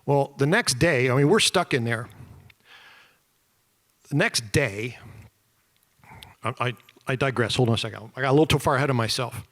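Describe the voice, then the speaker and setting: A middle-aged man telling his story to an audience, animated and self-deprecating, acting out shouted quotes. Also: medium pitch, normal speed, long pauses. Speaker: former POW giving a talk. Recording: reverberant hall.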